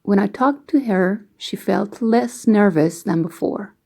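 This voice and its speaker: A woman explaining English grammar rules slowly and patiently, giving example sentences as an online teacher. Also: mid-range voice, gravelly, darkish tone. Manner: slow, careful, patient explaining.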